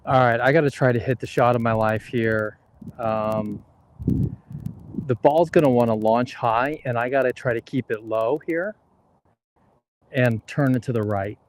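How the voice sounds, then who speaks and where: A man's voice: medium pitch, unhurried, pauses often, a little hiss or hum, poor audio. A man playing golf on a livestream, laid-back and self-deprecating about his shots. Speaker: golfer and co-host. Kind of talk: casual chat. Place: golf course outdoors.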